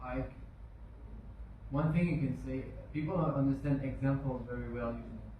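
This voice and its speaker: A man's voice: mid-range voice, steady tone, normal speed, muffled recording. A man in a class discussion, offering simple analogies and checking for agreement. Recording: distant, heavily echoing hall with faint noise.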